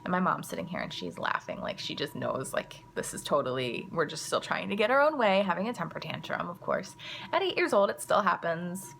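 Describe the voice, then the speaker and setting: A woman's voice: on the low side, very animated, a little fast, vocal fry, fairly bright tone, a little hiss or hum. A mother telling a story to camera in a chatty, casual way, full of "like" and "you know.". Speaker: mother and vlogger.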